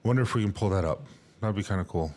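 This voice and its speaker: Low-voiced man, halting and heartfelt. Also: darkish tone. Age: middle-aged. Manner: halting, emotional, many fillers. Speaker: podcast co-host. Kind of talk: casual podcast chat. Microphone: remote recording setup.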